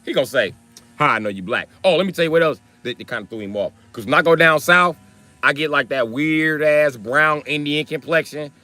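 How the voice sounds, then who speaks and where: A young Wisconsin man with a local accent tells a profane story on a livestream, voicing each quote as he goes. His voice is slightly high and brisk, and the animated telling swerves into loud, acted-out lines.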